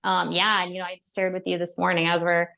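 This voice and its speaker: Lowish gravelly woman, dietitian guest on a podcast, laughs a lot, chatty and animated. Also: quick pace. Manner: animated storyteller, laughs often, many fillers. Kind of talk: casual interview chat.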